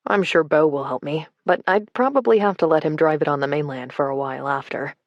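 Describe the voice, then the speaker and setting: A woman reading the part of a teasing, car-proud young man in an audiobook, in a relaxed, easygoing manner. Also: low voice, fairly quick, no room sound, highs cut off, voice pushed down. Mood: easy. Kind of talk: audiobook character dialogue.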